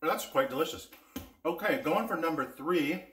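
A chatty man hosts a casual taste-test vlog from a home kitchen and talks straight to his viewers. His voice sits a little high for a man. The room rings with echo. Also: expressive, normal speed, fairly bright tone. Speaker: cooking vlogger reviewing spice blends.

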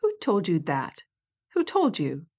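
A woman's voice: fairly low pitch, animated, a little slow, darkish tone. A woman voicing an irascible old prince, blustering and sarcastic, in an audiobook reading. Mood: scornful.

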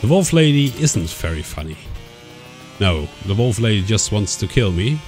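A man's voice: on the low side, sing-song, normal speed, a little mellow, faint music behind. A man giving casual let's play commentary, reading game dialogue aloud and chuckling often. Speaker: gaming YouTuber.

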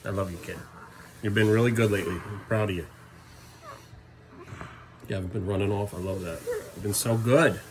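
A father filming at home in his kids' bedroom speaks in a steady tone at normal speed, leaving long pauses, with crowd noise behind him. He chats playfully with his young sons in sing-song baby talk that often leaps high, in this noisy home video.

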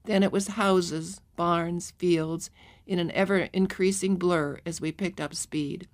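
Low-voiced woman reading a memoir. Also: steady tone, slow pace. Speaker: audiobook narrator. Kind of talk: scripted memoir narration.

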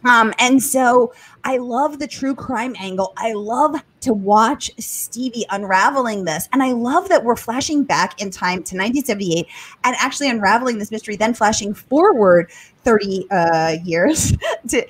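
A middle-aged woman from the area speaks with an eager, bubbly energy as she hosts a livestreamed author interview. Her voice sits high and carries a husky, breathy grain. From Boston area. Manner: bubbly, enthusiastic, reads viewer comments aloud. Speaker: host. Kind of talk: live-streamed author interview.

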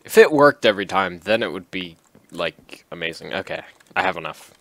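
A young man giving relaxed, muttered commentary while playing a video game, with game music playing behind him. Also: sits low, fairly quick, creaky, noisy background. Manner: relaxed, muttering asides to himself. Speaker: gaming video host. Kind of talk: casual gameplay commentary.

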